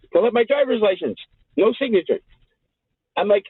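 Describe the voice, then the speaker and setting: Host, male; high, swooping delivery; husky; thin phone-like audio. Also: moderate pace, long pauses, no room sound. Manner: animated, profane, acts out the people in his stories. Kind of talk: casual storytelling. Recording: tinny phone-like sound, dry.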